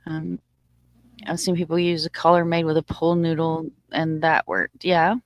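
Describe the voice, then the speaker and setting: A woman with a somewhat low voice chats loosely with her live viewers, sounding slightly winded. The sound is close and dry, with no room echo. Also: steady tone, moderate pace. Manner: chatty and informal, talking to viewers. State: a little short of breath. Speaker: livestream host. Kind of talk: casual livestream chat.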